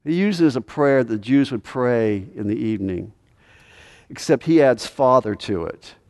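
A man's voice: mid-range voice, lively intonation, a little slow. Man preaching in a reverberant hall. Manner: emphatic preaching, swings from hushed to loud. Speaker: pastor. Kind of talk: sermon. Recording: long reverb of a large hall.

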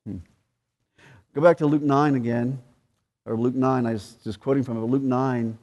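A man's voice: medium pitch, steady tone, normal speed, long pauses, darkish tone, in a large hall. A man preaching a sermon as pastor, emphatic, rising and dropping in volume.

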